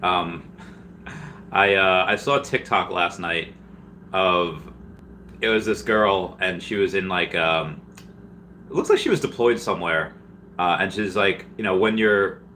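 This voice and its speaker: Deep-voiced rambling male streamer. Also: a little slow, pauses often, slight background noise. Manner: rambling, with many restarts and sudden excited jumps in pitch. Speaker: livestream host answering viewer questions. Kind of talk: casual livestream Q&A.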